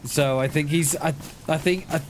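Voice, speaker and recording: A man's voice: a little high, steady tone, normal speed, a little hiss or hum. A man chatting casually while live-streaming a survival game, thinking aloud with lots of restarts and little chuckles.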